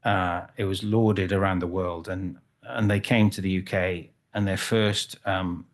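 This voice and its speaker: A man's voice: deep voice, steady tone, a little slow. A middle-aged man from Wales, giving a chatty, self-deprecating conference talk as a photographer, with frequent restarts. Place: conference hall.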